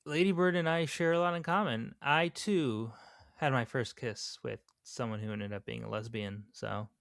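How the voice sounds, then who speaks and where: A man's voice: mid-range voice, moderate pace, creaky, fairly bright tone, dry recording, clean studio sound. A man co-hosting a podcast, joking and eagerly recapping his favorite movie scenes. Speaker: podcast co-host. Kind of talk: casual film-review chat.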